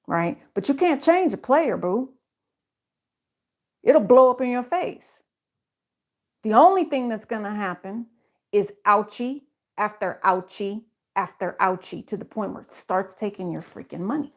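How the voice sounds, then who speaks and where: A woman's voice: mid-range voice, animated, a little slow, long pauses. A woman giving a casual tarot reading straight to her viewers in a chatty, slangy way. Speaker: tarot reader.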